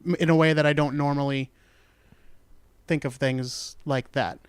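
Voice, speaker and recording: A man's voice: on the high side, fairly even intonation, normal speed, clear, resonant tone, no echo. A man hosting a true-crime talk show, telling the story in a rambling, jokey way and correcting himself as he goes. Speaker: podcast host. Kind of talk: casual true-crime chat.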